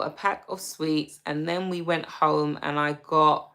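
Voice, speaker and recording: A woman with a London accent hosting a casual livestream, reading viewer comments aloud and answering them gently and reassuringly. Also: low voice, fairly even intonation, unhurried, gravelly. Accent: London English. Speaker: livestream host.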